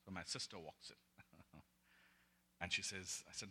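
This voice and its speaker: A man from India preaches a personal testimony with animated storytelling. His voice sits low but sounds bright and forceful. A long hall reverb trails each phrase. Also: normal speed, pauses often, slightly rough. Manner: animated storytelling, laughs often. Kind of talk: sermon testimony.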